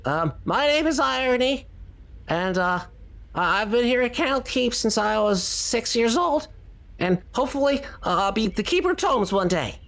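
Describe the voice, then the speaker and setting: A woman voicing a shy, excitable teenage tiefling boy who stammers and gushes in a tabletop role-play. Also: a little high, moderate pace. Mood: eager. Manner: stammering, eager, gushing.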